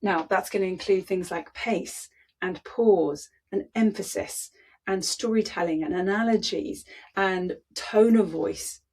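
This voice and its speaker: Brief: woman speaking coach, slightly husky voice, emphatic and demonstrative delivery. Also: medium pitch, unhurried, darkish tone. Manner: demonstrative, emphatic, repeats words for effect. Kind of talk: presenting a training talk.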